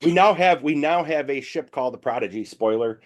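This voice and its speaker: A man's voice: mid-range voice, lively intonation, brisk. A man hosting a podcast, chatting casually with fan enthusiasm and often repeating words as he restarts. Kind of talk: casual conversation.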